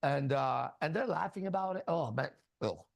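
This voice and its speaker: Casting: man, slightly high voice with gravel in it, crude, blunt spiritual teacher, dry close mic. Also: lively intonation, moderate pace, dry recording. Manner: crude, profane, blunt storytelling. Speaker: ministry teacher. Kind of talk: casual spiritual talk.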